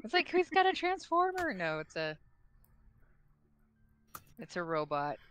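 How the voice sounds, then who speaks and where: A woman's voice: on the high side, sing-song, a little slow, a bit bright. A woman playing in a tabletop game, reacting chattily. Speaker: player.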